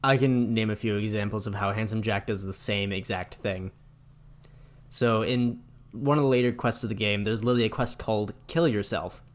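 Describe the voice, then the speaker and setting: A male co-host with a fairly low pitch and fairly even intonation talks at normal speed on a relaxed video game podcast. He retells game moments animatedly and imitates a villain in a mocking tone.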